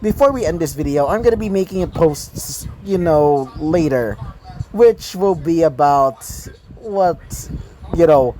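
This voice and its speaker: A man's voice: a little high, expressive, a little slow, dark tone, slight background noise, low-quality recording. Rambling man narrating fan fiction. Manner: rambling, many fillers and self-corrections. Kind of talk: casual improvised story narration.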